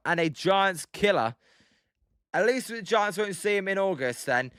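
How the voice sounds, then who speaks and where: A young British man calls a game live, narrating each pitch in between casual chat with his viewers. His voice is a touch high and smooth, recorded close and dry with no room sound. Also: animated, unhurried, a bit bright, dry recording. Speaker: livestream host. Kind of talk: live play-by-play commentary with chat.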